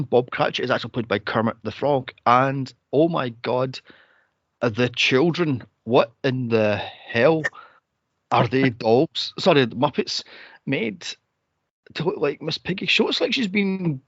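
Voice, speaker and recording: A man co-hosting a podcast, chatting casually about a movie, laughing and acting out scenes in high, silly voices. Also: a little slow, dry recording, muffled recording. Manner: laughing, animated retelling with squeaky impressions. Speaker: podcast co-host. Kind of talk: casual movie-review chat.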